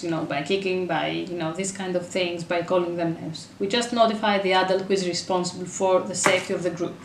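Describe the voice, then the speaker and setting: A woman giving parenting advice straight to her camera, earnest and chatty, breaking off for quick asides. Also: mid-range voice, a little hiss or hum. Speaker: parenting vlogger and mother. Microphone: camera mic. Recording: echoey room, voice a bit far from camera.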